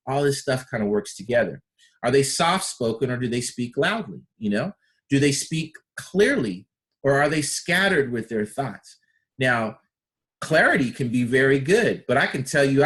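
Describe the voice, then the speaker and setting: A man giving a personal development training talk in a loose, conversational way, often acting out short example voices with lots of fillers. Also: medium pitch. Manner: many fillers and restarts, animated.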